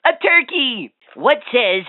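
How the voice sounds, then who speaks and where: A woman's voice: high-pitched, sing-song, slow pace, a little hiss or hum, exaggerated voice. A woman voicing a cheerful, chatty talking toy that quizzes and teases a child in a playful sing-song. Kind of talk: toy voice lines. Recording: tinny, dry toy speaker audio.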